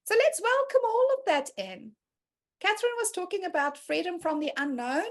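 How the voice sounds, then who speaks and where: A woman's voice: very high-pitched, sing-song, normal speed. A woman hosting a candid motivational group talk, frank and earthy, laughing easily. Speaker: host.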